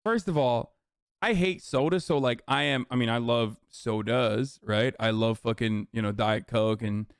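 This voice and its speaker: A male streamer riffs on a clip in casual, profane bursts, sounding openly incredulous and mocking. His voice is crisp and smooth, picked up close with a dry, dead sound. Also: medium pitch, a little slow, dry recording. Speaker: streamer reacting to videos. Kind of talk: casual reaction commentary.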